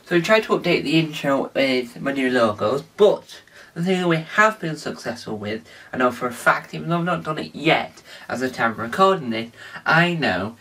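A man's voice: mid-range voice, expressive, normal speed, bright, forceful tone, distant mic. A man hosting a casual tutorial vlog, rambling and restarting with many fillers. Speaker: video host.

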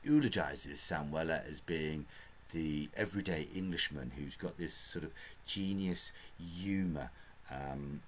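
Deep-voiced man reviewing a book. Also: measured pace, slight background noise. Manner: rambling, chatty, with frequent fillers and chuckles.

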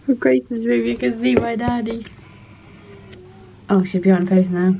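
A woman in her thirties vlogs at home, rambling casually to her phone camera between chores. Her voice sits a little on the high side. A faint hiss of noise runs underneath. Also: slow, creaky, lo-fi sound. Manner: chatty, scattered, talks to camera while doing chores. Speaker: vlogger, mother of four. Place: family house, indoors.

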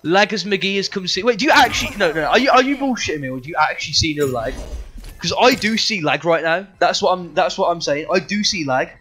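A man's voice: sits high, expressive, fast talker, sharp tone, faint music behind. A young man livestreaming a game, bantering with chat in a sweary, joking way. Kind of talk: live game streaming chat.

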